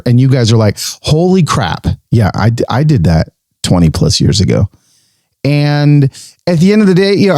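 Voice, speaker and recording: Animated man hosting a podcast. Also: mid-range voice, dry recording, studio quality. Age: 40s. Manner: animated, self-mocking storyteller turning into pep talk; emphatic, repeats phrases for effect. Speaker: podcast host. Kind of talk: solo podcast monologue.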